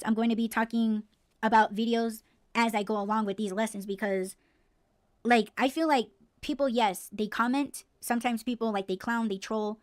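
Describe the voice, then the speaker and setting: A woman's voice: fairly high pitch, no room sound, studio quality. A woman hosting a podcast, ranting bluntly and swearing freely in a casual, heated way. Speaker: podcast host.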